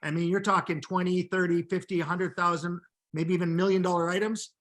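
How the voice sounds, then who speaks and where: A man's voice: high-pitched, flat delivery, fairly quick, fairly bright tone. A man hosting a live video call, explaining company rules steadily and point by point. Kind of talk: explanatory business talk.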